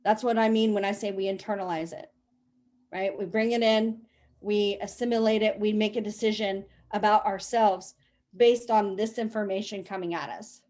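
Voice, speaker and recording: A woman's voice: mid-range voice, fairly even intonation, normal speed, a little mellow. A woman life coach on a group video coaching call, bubbly and playful, laughing often.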